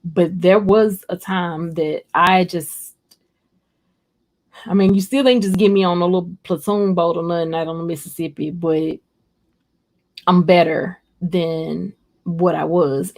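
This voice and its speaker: A woman's voice: fairly low pitch, fairly even intonation, a little slow. A woman hosting a casual livestream, reading out viewer comments and answering them in a rambling, heartfelt way. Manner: rambling, chatty and heartfelt, addresses viewers directly.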